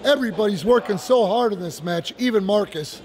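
A man giving excited, folksy play-by-play commentary on a wrestling match, repeating phrases for emphasis. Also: sits high, brisk. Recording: noisy live recording.

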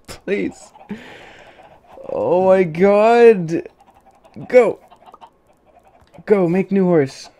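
A man's voice: high voice, animated, drawn-out words, pauses often, warm tone. A man doing let's play commentary of a game, exasperated and pleading, with jokey asides. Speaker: gaming youtuber.

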